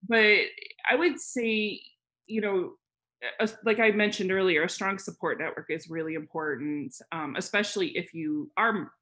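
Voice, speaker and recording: A woman real estate agent, a podcast guest, telling lively stories with frequent laughter and lots of fillers. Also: medium pitch, moderate pace. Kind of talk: casual storytelling chat.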